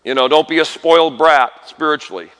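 A man preaching a sermon as a guest preacher, animated and folksy, trading call-and-response with the congregation and swinging between quiet asides and shouted exhortations. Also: fairly high pitch, brisk, clean tone. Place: large church hall. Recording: reverberant church hall.

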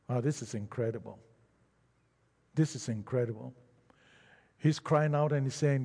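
A man preaching a sermon, swinging between loud pleading and hushed, slow passages. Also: medium pitch. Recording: long hall reverb.

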